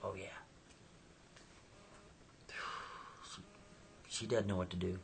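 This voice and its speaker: A man's voice: low-pitched, little pitch movement, slow, creaky, a little hiss or hum. A man telling a story in a folksy, chatty way, often turning aside to the listener. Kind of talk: casual spoken storytelling.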